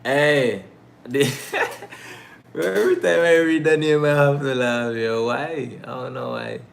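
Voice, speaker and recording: A man's voice: medium pitch, slow pace, vocal fry. A man with a Caribbean Creole accent, chatting casually on a livestream and reading comments from chat. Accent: Caribbean English Creole. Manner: laid-back, rambling, reading chat aloud. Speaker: livestream host.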